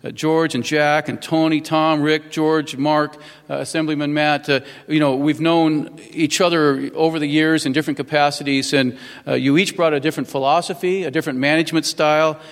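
Thanking people at his swearing-in ceremony, a new mayor in his fifties speaks in a folksy, earnest way with many fillers. His voice is fairly high with fairly even intonation, a moderate pace and few pauses, trailed by long reverb.

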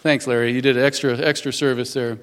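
A man's voice: medium pitch, level tone, brisk, long reverb tail, a loud crowd, heavy background noise. A man in his fifties giving a folksy, earnest public speech as a newly sworn-in mayor, thanking people at a ceremony. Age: 50s. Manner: folksy and earnest, with many fillers.

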